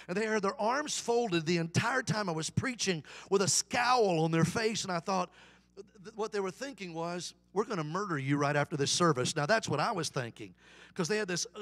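A man with a notably high voice preaching an animated sermon. He calls out to the congregation for answers and keeps the room involved. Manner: animated call-and-response preaching. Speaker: guest evangelist. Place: church service.

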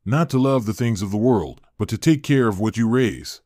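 A man reading an old sermon aloud in a measured, declamatory way. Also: fairly low pitch, mellow, dry recording, clean studio sound. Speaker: reader of historical sermons.

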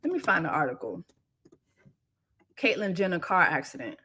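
A woman hosting a casual celebrity gossip show, talking loud and profane, laughing often and reading viewer comments aloud. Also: on the low side, very animated, moderate pace, breathy edge. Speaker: show host.

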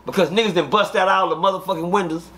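A man, an interview guest, telling prison stories in a profane, animated way and acting out the dialogue. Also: high voice, fast. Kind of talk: casual storytelling.

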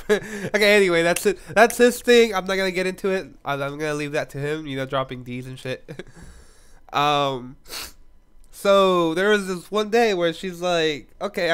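A man's voice: fairly high pitch, measured pace, a bit bright, clear, resonant tone. A man with a stuffy nose and a cough from a cold, telling a rambling story in casual commentary and laughing often between words. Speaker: YouTube gaming commentator.

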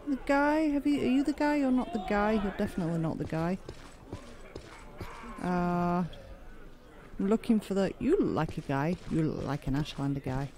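A man's voice: very high-pitched, darkish tone. A man giving casual, joking commentary while playing a video game, thinking aloud. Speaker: let's play gamer. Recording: game sounds and music behind.

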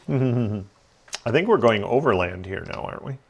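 Creaky-voiced man chatting while gaming. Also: mid-range voice, lively intonation, a little slow. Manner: chatty, laughs often, mutters asides. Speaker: streamer. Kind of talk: casual gaming chat.

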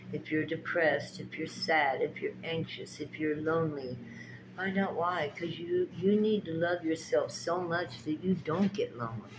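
In a low voice, a woman gives a slow, drawn-out tarot reading and spiritual pep talk while steady background noise runs beneath. She speaks directly to her viewers, emphatic, preachy, and folksy, and keeps repeating her phrases.

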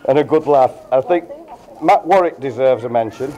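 A man's voice: medium pitch, normal speed, mellow, highs cut off. A middle-aged man giving a wedding toast as the groom's father, reading from notes with dry jokes. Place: wedding reception room.

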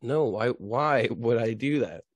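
A man's voice: mid-range voice, animated, a little slow, no echo. A man co-hosting a comedy podcast, teasing and incredulous in casual banter, often breaking into laughs. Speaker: podcast co-host.

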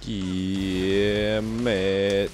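Young Australian man, live game commentary, slow-talking, swears, faint music behind. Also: deep voice. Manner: excitable, swears often, laughs at himself. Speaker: gaming commentator.

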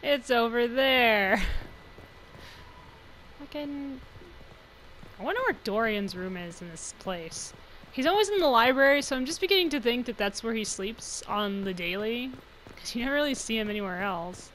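A woman's voice: a little high, lively intonation, moderate pace, fairly bright tone, a little hiss or hum, low-quality recording. A young woman giving chatty, rambling let's play commentary, laughing often. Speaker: gaming channel host.

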